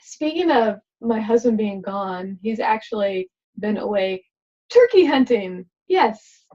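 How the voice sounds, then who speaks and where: A tired woman leading a laughter exercise vlog, talking in a gentle, chatty way with many ums and uhs. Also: medium pitch, animated, takes it slowly. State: tired, yawning. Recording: dull lo-fi recording.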